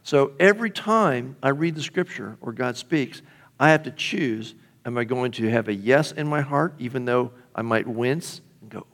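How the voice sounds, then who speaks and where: A man's voice: mid-range voice, lively intonation, normal speed, a bit bright. A middle-aged male pastor preaching a sermon in a conversational way, often asking the congregation questions.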